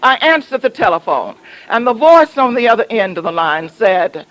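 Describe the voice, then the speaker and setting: A woman's voice: a little high, very animated, moderate pace, fairly bright tone, no echo, poor audio. A woman pastor from the southern United States preaching a sermon, telling a story with humor and teasing her congregation.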